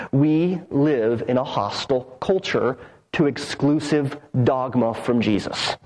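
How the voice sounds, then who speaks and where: Male pastor, high voice, earnest emphatic sermon delivery with deliberate pauses. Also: a little mellow, poor audio.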